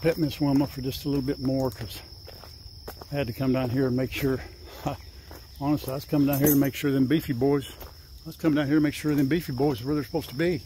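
The farm vlogger, an older man, talks casually outdoors, rambling and affectionately coaxing his animals. He speaks quickly at a medium pitch, with fairly even intonation and a warm tone; there's a little hiss or hum and faint insect and cricket sounds.

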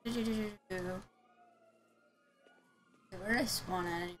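A woman streaming a video game, chatting casually, loud and excitable, swearing and laughing often. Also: mid-range voice, normal speed. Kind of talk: casual gaming stream chat. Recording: faint background noise.

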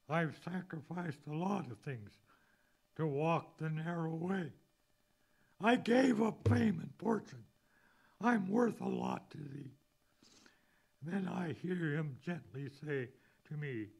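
An unhurried male preacher with a gravelly, creaky voice pitched a little high. He delivers a sermon in a measured way, reading scripture and hymn verses word by word. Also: poor audio. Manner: slow, deliberate reading of scripture and hymn lyrics.

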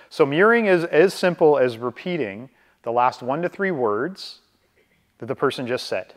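Canadian man training agents, echoing room. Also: mid-range voice. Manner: conversational, keeps checking in with "right?"; slows down deliberately to model calm. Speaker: real estate trainer. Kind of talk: live training talk.

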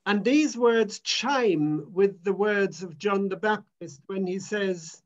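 Slow, emphatic male preacher. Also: sits high, dull audio. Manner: emphatic, measured preaching with repeated phrases. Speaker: minister. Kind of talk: sermon.

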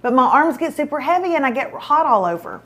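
A woman's voice: sits high, very animated, brisk, a bit bright. A middle-aged woman, hosting a show and telling a self-mocking story in casual chat. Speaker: show host.

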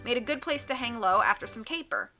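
Enthusiastic young guy explaining a film's history, as a woman reads him, sharp bright tone. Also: fairly high pitch, expressive, brisk, faint music behind. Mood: eager. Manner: eager, explaining. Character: young adult male film buff.

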